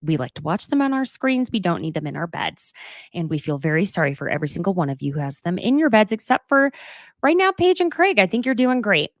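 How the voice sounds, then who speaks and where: A woman hosting a casual recap, talking in an animated, sarcastic and emphatic way. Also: fairly low pitch, a little fast, no echo, studio quality. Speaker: host.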